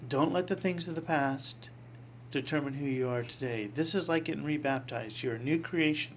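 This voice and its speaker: A man in his sixties, a priest, telling a personal story in an interview, animated, acting out voices and laughing often. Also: fairly high pitch, moderate pace, dull audio, a little hiss or hum.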